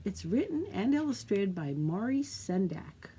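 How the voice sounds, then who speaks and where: A woman leading a children's storytime as librarian, gently explaining a craft and reading a picture book aloud. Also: medium pitch, sing-song, unhurried, slight background noise. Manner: gentle, encouraging, talks to kids.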